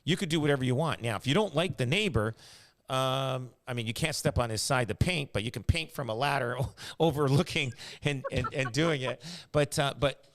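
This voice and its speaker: A man's voice: medium pitch, normal speed, fairly bright tone. A man chatting casually as a podcast host, rambling with lots of fillers and restarts. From Canada. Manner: rambling, many fillers and restarts, laughs often. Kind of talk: casual chat.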